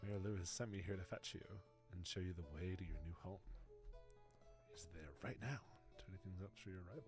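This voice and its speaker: A friendly, helpful woman carpenter, read aloud by a man in a quiet, plain voice. Faint game music plays behind her. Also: sits low, brisk, voice pushed down, natural voice.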